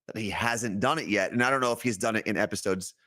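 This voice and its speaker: This podcast co-host is a middle-aged man from New Jersey whose accent gives him away, talking fast in a lowish voice. In the relaxed chat he spins lively stories and performs the quotes himself.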